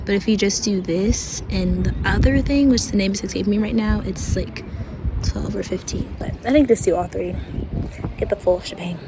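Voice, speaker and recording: A woman's voice: medium pitch, moderate pace. A woman travel vlogger chatting playfully to her viewers while touring a palace site outdoors on a handheld camera. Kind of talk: casual travel vlog chat. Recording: outdoor ambience and passing vehicle noise.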